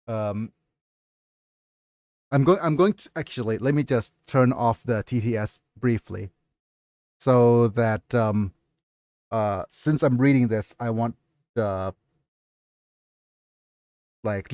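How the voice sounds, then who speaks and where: A man with a mid-range, darkish voice hosts a laid-back livestream, answering viewer messages as he goes in between stretches of reading a story aloud. He rambles, and the clean studio sound has no room sound at all.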